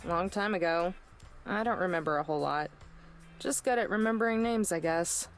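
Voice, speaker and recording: A woman voicing a guarded, laconic butch young woman who answers in short, low-key lines. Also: normal speed, faint music behind, close to an everyday voice.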